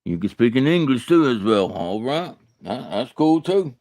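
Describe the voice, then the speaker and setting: A man from Alabama with a Southern American accent, hosting a casual livestream, chatting with viewers in a halting, folksy way and often repeating his words. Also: mid-range voice, very animated, a little mellow, no room sound, clean studio sound. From Alabama, USA. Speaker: livestream host. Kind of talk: casual livestream chat answering comments.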